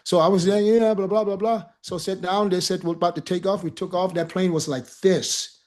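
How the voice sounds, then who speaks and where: A man telling a long personal story in casual podcast chat, animated and profane, often laughing. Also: high-pitched, brisk.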